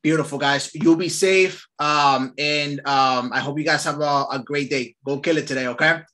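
Upbeat, bright-voiced man running a training. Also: a little high, normal speed. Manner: lively storytelling, casual and upbeat. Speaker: real estate trainer. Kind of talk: casual online training session.

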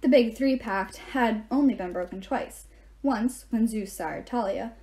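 Woman reading a novel aloud, mellow. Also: on the high side, a little slow. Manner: even, first-person storytelling. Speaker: reader.

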